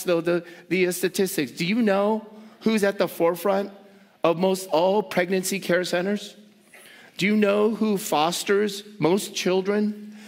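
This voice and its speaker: Man, pastor, preaching a sermon, high-pitched voice, emphatic, repeats phrases, rhetorical questions. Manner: emphatic, repeats words for stress, asks the audience rhetorical questions.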